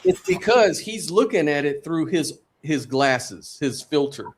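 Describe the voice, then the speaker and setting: A man's voice: on the high side, big pitch swings, measured pace, a little hiss or hum. A man in a live debate explaining his point through an imagined scenario. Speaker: debate panelist.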